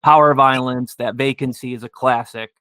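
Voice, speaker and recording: A man hosting a podcast interview, making measured and thoughtful remarks to his guest. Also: mid-range voice, fairly even intonation, sharp tone, smooth, no echo. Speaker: podcast host. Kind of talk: conversational interview.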